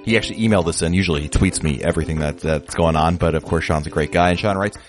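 A man hosting a casual podcast, chatty and lively, with frequent restarts. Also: deep voice, racing, few pauses, music in the background. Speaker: podcast host.

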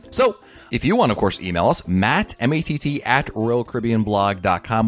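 An enthusiastic man hosts a podcast, reading out listener emails and answering them in a chatty, upbeat manner. His voice swings lively up and down in pitch. Faint music plays underneath. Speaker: podcast host.

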